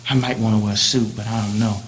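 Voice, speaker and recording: In a fast, level-toned delivery, a male preacher tells a first-person story, his sermon moving from loud passages to hushed ones. His pitch is fairly low, and there's a bit of background noise.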